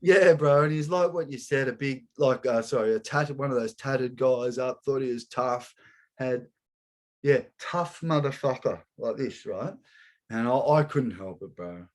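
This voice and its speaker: A man's voice: medium pitch, moderate pace, darkish tone. Rambling man, slangy chat. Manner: rambling, slangy, keeps saying mate and bro. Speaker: podcast host. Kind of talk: casual chat.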